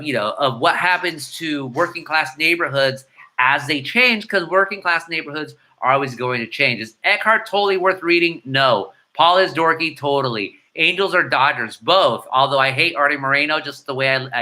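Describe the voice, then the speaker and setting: A middle-aged man from chats through viewer comments in quick, irreverent bursts, flipping between Spanish and English. His voice sits a little high for a man and rings very bright and forward. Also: expressive. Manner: irreverent, rapid-fire banter mixing Spanish and English, breaks into singing. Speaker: host answering viewer comments. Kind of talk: casual live-stream chat.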